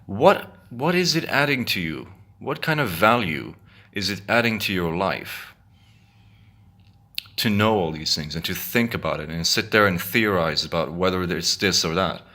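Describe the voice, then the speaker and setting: A man's voice: deep voice, lively intonation, normal speed, sharp tone. A man talking earnestly to his viewers in a casual monologue, often restarting his words. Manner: earnest, repetitive, stumbling restarts. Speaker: video blogger.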